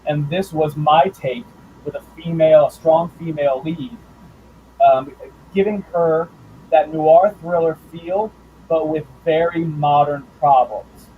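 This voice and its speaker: A man who writes and draws comics, talking about his work in a casual interview, thoughtful and halting with fillers and restarts. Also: on the high side, fairly even intonation, narrow, tinny audio, slight background noise. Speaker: comics writer and artist guest.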